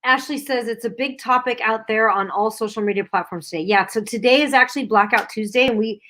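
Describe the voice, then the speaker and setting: A woman's voice: a little high, brisk, fairly bright tone. A middle-aged woman co-hosting a casual livestream, reading viewer comments aloud and chatting with lots of fillers. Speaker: livestream co-host.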